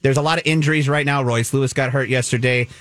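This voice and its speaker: A man's voice: medium pitch, fairly even intonation, quick pace, fairly bright tone, dry recording, studio quality. A man co-hosting a radio show, giving upbeat sports updates and taking calls. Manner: upbeat, informative about sports. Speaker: radio co-host, producer. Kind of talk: casual chat.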